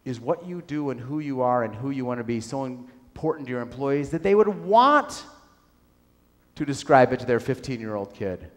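Man giving a keynote in an echoing hall. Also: mid-range voice. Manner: storytelling, asks the audience questions. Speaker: keynote speaker. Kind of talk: business keynote speech. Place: lecture hall with audience. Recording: reverberant hall.

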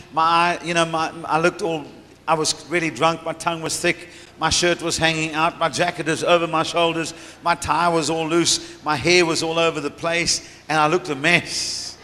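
A slightly high, sharp-toned male voice belongs to a middle-aged preacher recounting a story from the pulpit. He laughs often during this sermon testimony, recorded in a large, echoey church hall with faint room noise.

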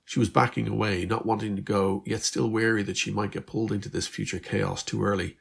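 An Irish man, an author, reading a story aloud and speaking the narration in a quiet, low voice. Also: level tone, a little fast, vocal fry, few pauses, slightly rough.

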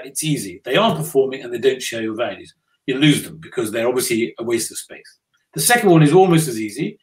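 A man's voice: mid-range voice, poor audio. An older man from the United Kingdom, interviewed as a business leader, telling stories with dry, self-deprecating humor and frequent restarts. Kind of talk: conversational interview storytelling.

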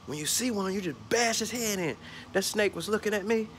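A man from Georgia, telling a lively story outdoors about his lawn care work, often stumbling over repeated words. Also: high-pitched, brisk, very noisy. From Atlanta, Georgia. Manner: animated, stumbling repeats, acts out bits. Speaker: lawn care worker filming a vlog. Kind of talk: casual storytelling. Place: outdoors by a carport.

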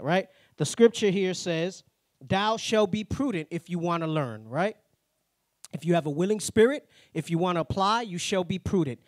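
A man teaching a Bible class in a plain-spoken, conversational way, tagging his points with a quick "right?". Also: on the high side, no room sound, studio quality. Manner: tags nearly every point with "right?"; plain-spoken, slangy asides.

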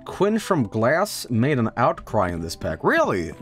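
A man streaming a game casually, rattling off game blurbs quickly and breaking into goofy high squeals. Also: huge pitch swings, faint music behind. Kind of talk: casual live-stream commentary.

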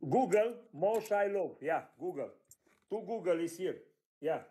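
A man's voice: high voice, lively intonation, unhurried, warm tone. A Romanian man on a video call, speaking broken English with a Romanian accent and repeating single words insistently, slipping into his own language. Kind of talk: casual video chat.

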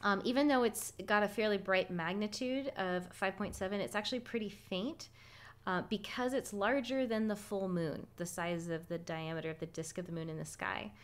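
A woman from California hosting an astronomy livestream outdoors at night, chatty and quick to laugh. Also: medium pitch. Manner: chatty, laughs often, lively storytelling. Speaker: astronomy club host. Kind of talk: casual livestream stargazing talk.

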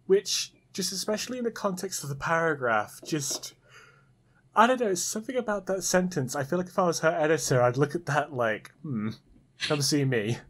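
A man's voice: fairly high pitch, animated, a little fast, a bit bright. A British man co-hosting a podcast, giving dry, wry comments in casual chat. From Britain. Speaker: podcast co-host.

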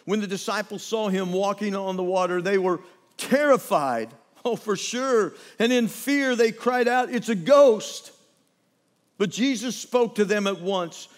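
This pastor's sermon retells scripture with animated drama, shifting between quiet and loud passages. He speaks high-pitched and a little slow, and a long reverb tail follows his words.

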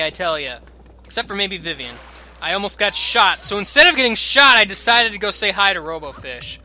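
A man's voice: sits high, lively intonation, a little fast, bright, forceful tone, slight background noise. A man casually commentating a video game with sarcastic jokes and rambling asides. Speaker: let's play commentator.

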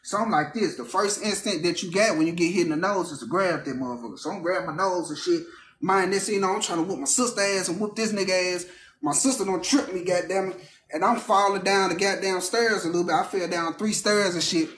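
A man casually telling a true story, animated and profane, acting out the people in it. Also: high voice, a little fast, reverberant, slight background noise.

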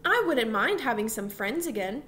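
A woman's voice: a little high, very animated, normal speed, fairly bright tone, slight background noise. A woman reading the part of a determined, easily exasperated girl in a storybook. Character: determined girl, older sister, a bit exasperated.

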